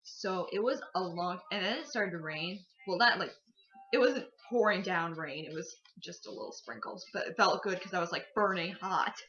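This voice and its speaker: A woman's voice: lowish voice, moderate pace, a bit bright, muffled recording. A teenage girl telling a casual vlog story about her concert, gushing and full of fillers. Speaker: vlogger.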